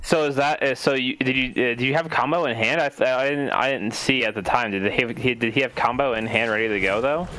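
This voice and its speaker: A man's voice: mid-range voice, fast, few pauses, pushed and bright, a little hiss or hum. A man chatting casually on a gaming stream as an organizer, rambling and repeating words, swearing freely.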